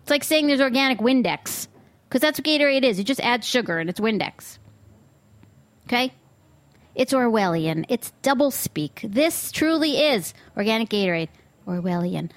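A food podcast host with a fairly high, expressive voice talks at a moderate pace in a dry studio booth recording made on a studio microphone. Her solo monologue is full of opinions, exasperation and sarcasm, with sudden outbursts of disbelief.

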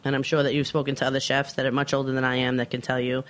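A woman's voice: rumbling low, racing. A woman in her thirties, a chef from Brooklyn, telling stories in a casual interview and acting out the dialogue as she goes. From Brooklyn, New York, USA. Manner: animated storyteller who acts out quoted dialogue. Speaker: chef, guest.

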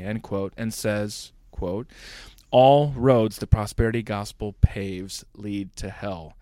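Male podcast host, mid-pitched, reading quotes and interviewing, close dry sound. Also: dry recording. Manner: reads quotes, asks questions.

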